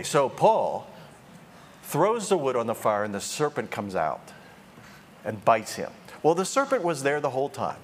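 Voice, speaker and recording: Male preacher, animated and joking, pitch jumping all over, faint room noise behind. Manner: animated, joking, acts out quoted voices. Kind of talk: sermon.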